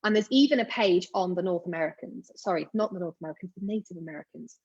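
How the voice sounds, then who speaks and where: A woman talks casually in a chatty, self-deprecating way, full of asides and fillers. Her voice is a little husky, at a middling pitch. The recording sounds slightly dull and lo-fi. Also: expressive, quick pace, hardly any pauses, a little mellow. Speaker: genealogy blogger. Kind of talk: casual explainer monologue.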